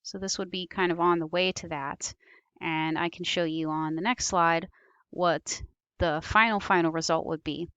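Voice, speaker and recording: A woman's voice: lowish voice, steady tone, moderate pace, fairly bright tone, smooth, dry recording. A woman teaching biology over slides, explaining patiently with occasional ums and self-corrections. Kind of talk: recorded slide lecture.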